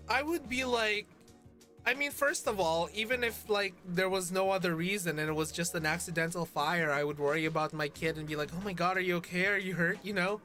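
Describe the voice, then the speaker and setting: A woman's voice: mid-range voice, sharp tone. A woman streaming a story game, talking casually and emotionally, exclaiming and rambling with many fillers.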